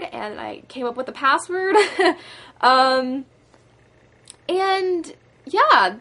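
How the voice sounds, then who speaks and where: A young woman chatting bubbly and fast in a casual vlog, full of likes and ums, acting out quotes in her story. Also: a little high, fairly bright tone. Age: young adult. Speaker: vlogger.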